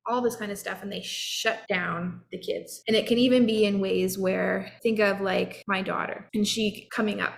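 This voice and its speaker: An earnest, encouraging woman in her thirties speaks as a self-help coach. Her middling voice carries a gravelly, creaky texture. She talks straight to the listener in a motivational style. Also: mid-range voice, steady tone, normal speed, hardly any pauses. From Canada. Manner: earnest, encouraging, acts out short quoted voices. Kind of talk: motivational talk.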